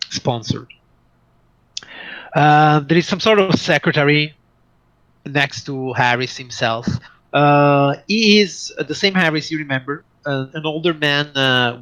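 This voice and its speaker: A man runs a tabletop game as game master. He narrates slowly and in a halting way, often filling the gaps, at an ordinary pitch. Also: a bit bright, dull audio. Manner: halting, many fillers.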